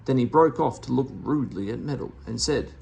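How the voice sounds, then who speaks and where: A reader narrating a classic children's story aloud in an expressive storybook style. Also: medium pitch, fairly quick, gravelly, husky. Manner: expressive, animated.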